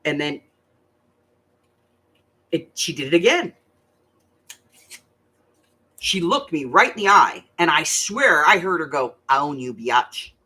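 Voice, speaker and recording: Husky older woman, crafting host, bright tone, animated and foul-mouthed storyteller. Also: on the low side, takes it slowly, pauses often. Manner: animated, chatty, swears freely. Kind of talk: casual storytelling chat.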